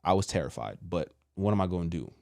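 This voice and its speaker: A man casually telling a personal testimony, animated and full of slang, acting out what others said. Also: deep voice, fast talker, creaky, no echo, clean studio sound. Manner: animated, acts out quotes with slang. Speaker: storyteller sharing a testimony.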